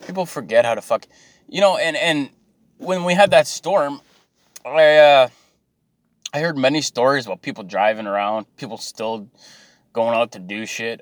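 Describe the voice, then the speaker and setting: This is a man delivering a profane vlog rant. He sounds mocking and fed up, and he swears constantly. His voice sits at an ordinary middle pitch, and the sound is dry and close, with no room echo. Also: moderate pace, pauses often. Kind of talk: profane ranting monologue.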